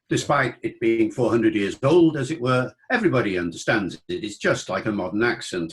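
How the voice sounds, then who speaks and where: A man's voice: mid-range voice, rough recording. An older British man, a linguist guest in an interview, explaining in an engaged way and demonstrating pronunciations aloud. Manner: explanatory, demonstrates accents by voicing examples. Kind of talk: interview conversation.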